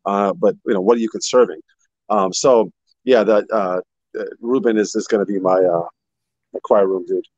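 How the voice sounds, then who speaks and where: A man giving his views on a casual talk show, halting, with many fillers. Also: fairly low pitch, fairly even intonation, a little mellow, no room sound. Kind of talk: casual chat. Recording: dull lo-fi audio.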